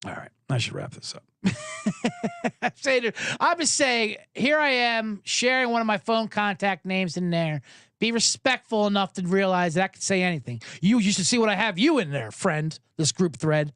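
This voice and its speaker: Man, sports podcast host, comedic rant, swearing, lively swinging pitch, dead dry sound. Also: normal speed, clean tone, dry recording. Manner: animated, profane, acts out both sides of an argument.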